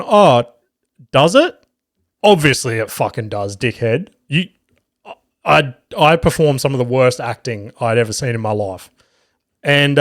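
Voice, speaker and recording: A young Australian man spinning a yarn on his solo podcast, swearing casually and slipping into little acted voices for the people in the story. His voice sits at an ordinary middle pitch. The sound is close and dry, with no room around it. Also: dry recording. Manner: profane, animated storyteller with acted quotes. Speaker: podcast host.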